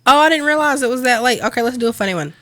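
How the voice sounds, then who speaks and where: A woman co-hosting a casual chat show, playful and quick to laugh, using slang. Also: high-pitched, bright, forceful tone. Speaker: co-host.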